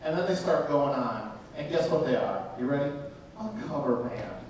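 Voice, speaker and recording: A man's voice: medium pitch, very animated, normal speed, a little mellow. A male stand-up comedian doing a brash, profane set on a live club stage, teasing the crowd while they laugh. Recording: echoey, distant from the mic, noisy. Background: audience laughter.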